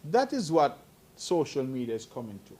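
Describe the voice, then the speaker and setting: A man's voice: medium pitch, big pitch swings, moderate pace, dark tone. A middle-aged man giving earnest, admonishing remarks at a press conference, growing emphatic. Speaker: head of government at a press conference.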